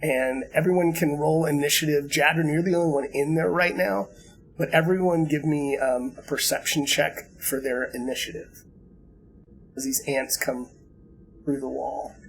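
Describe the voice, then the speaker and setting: A man narrating a tabletop game as game master, easygoing and halting, with many fillers and restarts. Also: a little high, steady tone, creaky, a little hiss or hum, rough recording.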